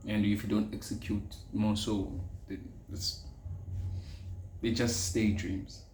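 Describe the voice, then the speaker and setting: A young South African man hosts a casual solo podcast, speaking earnestly, repeating his key phrases and mixing Zulu words into his English. His voice is lowish and darkish, with a flat delivery and a slow pace. The echoey room carries faint ambience plus a little hiss or hum.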